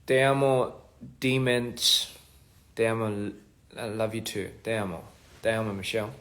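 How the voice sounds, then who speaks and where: A man's voice: fairly low pitch, steady tone, normal speed. A man chatting casually on a phone livestream, reading fan comments and rambling as he trails off between thoughts. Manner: rambling, trails off, soft-spoken asides.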